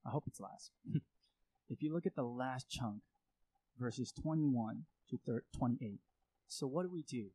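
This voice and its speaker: Earnest male pastor with a mellow voice. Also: medium pitch, unhurried, pauses often, poor audio. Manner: earnest, acts out prayers and reactions with rising intensity. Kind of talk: sermon.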